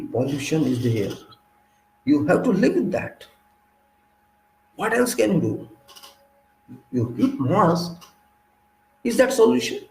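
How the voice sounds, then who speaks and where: A man with an Indian English accent delivering a preachy lecturing monologue, full of rhetorical questions and sudden emphatic jumps in pitch. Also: vocal fry, a little mellow, reverberant, rough recording. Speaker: speaker of a commentary channel.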